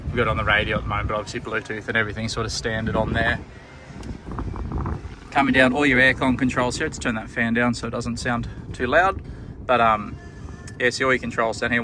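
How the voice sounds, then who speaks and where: A man with an Australian accent, a car salesman giving a relaxed walkaround tour of a vehicle, pointing out features as he goes. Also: mid-range voice, background noise. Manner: relaxed, plain-spoken, pointing things out as he goes. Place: outdoors around a car, then inside it.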